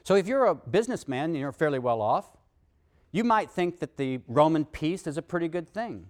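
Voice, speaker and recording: A man giving a classroom lecture, leading his students in a group chant and then explaining the text in a lively, engaged way. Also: fairly high pitch, moderate pace. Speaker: university lecturer.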